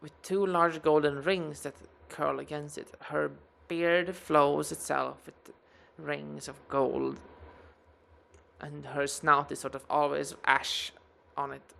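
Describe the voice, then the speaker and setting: A woman narrating as game master of a dark fantasy tabletop game, in slow, halting descriptions. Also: sits low, little pitch movement, vocal fry.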